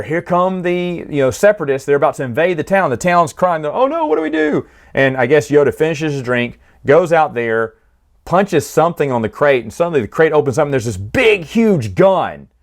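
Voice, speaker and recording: A man hosting a casual spoken recap of a book series, chatty, with frequent restarts, fillers and laughs. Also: on the high side.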